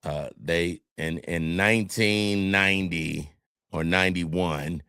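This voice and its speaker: Brief: bright, animated man from California, casual podcast storyteller, dry close sound. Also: low voice, slow, clean tone, no echo. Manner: animated storyteller, acts out quotes. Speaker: podcast co-host.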